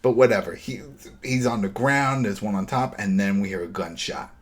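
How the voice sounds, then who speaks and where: A man co-hosts a podcast in casual chat, walking through an episode with lively storytelling. His voice sits fairly low and has a husky edge. He drops dry, sarcastic asides as he goes. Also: normal speed. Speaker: podcast co-host.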